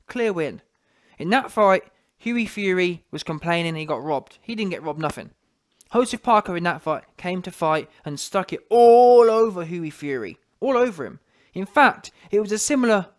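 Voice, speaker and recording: A man, a boxing commentator ranting to camera, emphatic and repetitive, challenging his viewers. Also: high-pitched. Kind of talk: opinion rant to camera.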